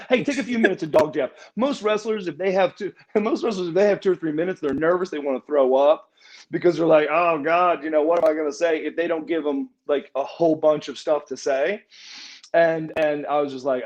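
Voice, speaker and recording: A man's voice: on the high side, normal speed. A man guest in a podcast interview, telling stories casually and acting out other people's lines in changed voices. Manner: animated, acts out quotes in changed voices. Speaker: interview guest, former wrestler. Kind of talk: casual storytelling in a shoot interview. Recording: slightly dull, lo-fi podcast audio.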